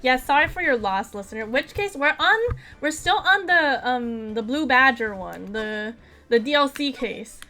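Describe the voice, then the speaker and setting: A woman streaming a video game, chatting casually with her viewers, excitable and giggly with crude jokes. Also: sits high, normal speed, soft background music. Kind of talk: casual live-stream chat while gaming.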